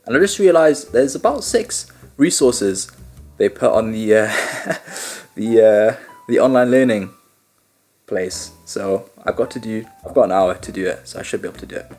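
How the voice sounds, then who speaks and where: A man's voice: lowish voice, animated, normal speed, darkish tone, soft background music. A young man, a medical student, casually vlogging to camera and explaining his day with easy restarts. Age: young adult.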